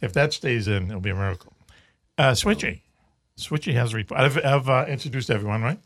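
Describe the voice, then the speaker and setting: A man's voice: medium pitch, fairly quick, fairly bright tone, breathy edge, dry recording, clean studio sound. Joking talk-show host man. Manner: loose, joking banter. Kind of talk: casual radio chat.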